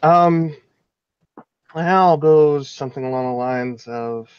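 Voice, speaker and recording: Male narrator for a tabletop game: slow, measured, dry and muffled lo-fi sound. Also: on the high side, darkish tone, clear, resonant tone, no echo. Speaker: storyteller.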